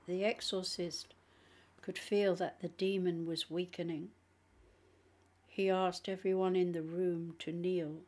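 A woman with a cold reads an audiobook aloud, slowly and deliberately, with a cough now and then. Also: lowish voice, flat delivery, darkish tone. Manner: slow, deliberate reading. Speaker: audiobook narrator. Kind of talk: audiobook reading.

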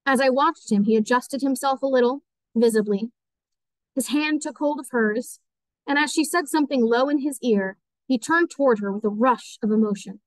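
Woman teacher narrating an audiobook; steady, clear, higher voice, dry close sound. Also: normal speed, no echo, low-quality recording.

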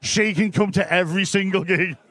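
Brash high-voiced Geordie stand-up comic. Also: male voice, steady tone, fairly quick, fairly bright tone. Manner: brash, crude storytelling with constant "right?" asides to the crowd. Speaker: stand-up comedian. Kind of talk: live stand-up set. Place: comedy club stage.

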